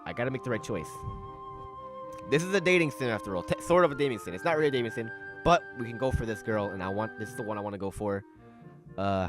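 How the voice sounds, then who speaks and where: A man's voice: mid-range voice, lively intonation, racing. A man reading a visual novel aloud and commenting as he plays, self-mocking and often restarting lines. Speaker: let's play host. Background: game music.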